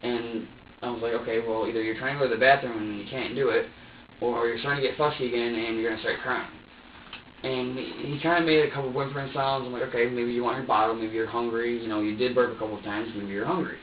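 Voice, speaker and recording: A man's voice: mid-range voice, fairly even intonation, fast talker, slight background noise. A man under police questioning who gives a rambling, profane account full of restarts and acts out what he was thinking. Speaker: suspect being questioned. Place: interrogation room. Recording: distant, echoey, dull room recording.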